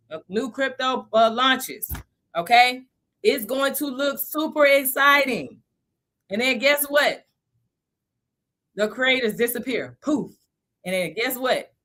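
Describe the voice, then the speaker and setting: A lively woman hosts a casual live stream, talking to her viewers in a chatty, animated way. Her voice sits a little high and sounds bright and forward. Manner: animated, chatty, laughs often.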